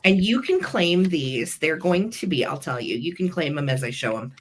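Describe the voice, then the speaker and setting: A woman's voice: deep voice, expressive, moderate pace, slight background noise. A woman co-hosting a live vintage sale, chatting sweetly and gushing over the items. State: throat tickle, clearing throat. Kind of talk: live selling chat.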